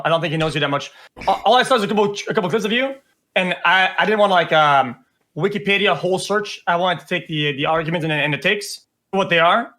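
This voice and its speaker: A man on a live stream debate who talks haltingly, with lots of hesitation and restarts. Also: on the high side, bright, forceful tone. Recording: played from a stream recording.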